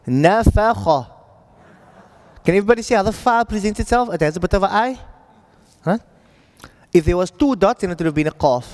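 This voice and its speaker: Teacher, male, patient, keeps checking the class follows; high-pitched, room echo. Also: darkish tone. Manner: patient, checks in with students often. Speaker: Arabic reading teacher. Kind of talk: classroom lesson.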